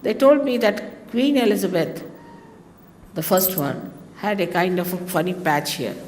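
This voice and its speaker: A woman's voice: medium pitch, big pitch swings, measured pace, a little mellow. A woman from India, telling digressive anecdotes in a talk, with exclamations and asides to her listeners. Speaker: speaker giving a talk. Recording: reverberant hall with faint background noise.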